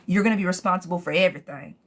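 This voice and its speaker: A woman's voice: fairly low pitch, racing, slight background noise. A woman doing a live-stream tarot reading, answering viewers' questions in a chatty, blunt way, swearing freely and calling them girl and love bug. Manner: gets riled up and rants, then calms herself. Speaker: tarot reader.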